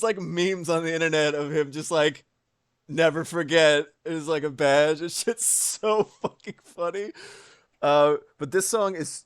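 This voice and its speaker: Brief: a young male streamer, slightly high voice, animated and foul-mouthed, rambling as he draws. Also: smooth, dry recording, studio quality. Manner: animated, profane, rambling with many fillers. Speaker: livestreamer. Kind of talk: casual chat while drawing.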